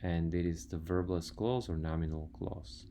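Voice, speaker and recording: A man with a very low voice gives a grammar lesson over slides. He works through word lists one at a time and explains each point methodically. A faint hum sits under the recording. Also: fairly even intonation, normal speed, dark tone. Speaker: language teacher.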